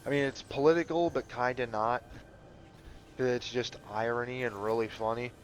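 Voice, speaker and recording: A man's voice: medium pitch, fairly even intonation, normal speed, a little hiss or hum. A man chatting casually over a game playthrough, rambling with lots of fillers and swearing. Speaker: gamer commentating a playthrough.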